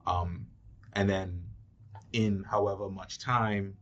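A man speaking as an interview guest, with a lowish, husky voice. He lays out his points calmly and step by step. The recording is muffled and lo-fi. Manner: measured, explains step by step. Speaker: guest, filmmaker. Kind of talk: casual interview chat. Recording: muffled lo-fi audio.

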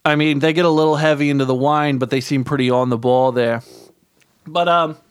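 A man's voice: a little high, fairly even intonation, fairly quick, smooth, no echo, clean studio sound. A middle-aged man telling a rambling comic story as a podcast guest, stumbling over repeated words and tagging his lines with "right?".

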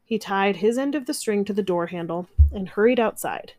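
A woman reading a children's picture book aloud, gentle and expressive. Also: medium pitch, normal speed, no echo, clean studio sound. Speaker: narrator. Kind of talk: children's storybook read-aloud.

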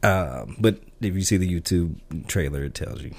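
A man's voice: low-pitched, expressive, normal speed, creaky. A man co-hosting a filmmaking podcast, chatting casually and rambling with many restarts and fillers. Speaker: podcast co-host. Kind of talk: casual film chat.

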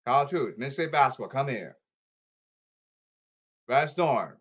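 A man in a rambling monologue, repeating commands and calls, with loud bursts and sudden drops in volume. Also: mid-range voice, animated, moderate pace, husky, highs cut off. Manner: repetitive, issuing commands and calls.

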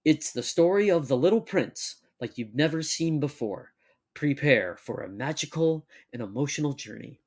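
A young man co-hosting a casual chat, joking and laughing often, and reading text aloud at a measured pace. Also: on the high side, lively intonation. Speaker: podcast co-host.

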